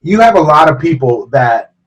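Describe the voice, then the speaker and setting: A man's voice: fairly high pitch, big pitch swings, moderate pace, low-quality recording. A man hosting a show, interviewing a guest in a casual, enthusiastic way and calling him brother.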